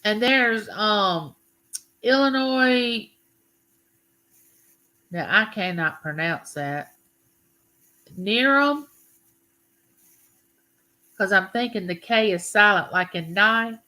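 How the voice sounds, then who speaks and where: A woman's voice: medium pitch, lively intonation, drawn-out words, pauses often, bright, forceful tone. A woman hosting a casual live stream, chatting and greeting her viewers by name. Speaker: livestream host.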